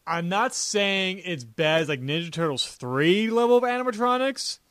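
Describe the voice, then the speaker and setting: A young man co-hosts a podcast in loose, rambling chat, circling back with fillers and false starts. His voice sits a bit high and it is recorded close and dry, with no room sound. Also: lively intonation, normal speed, fairly bright tone, no echo. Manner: rambling, many restarts and "like" fillers. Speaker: podcast co-host. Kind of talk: casual chat.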